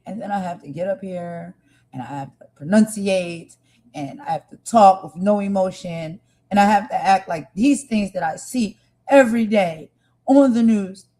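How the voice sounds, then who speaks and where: A woman of ordinary mid-range pitch hosts a live stream in earnest, impassioned commentary. She presses her points with emphatic repetition and speaks directly to the people watching. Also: mellow, poor audio. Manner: emphatic, repetitive, talks straight to viewers.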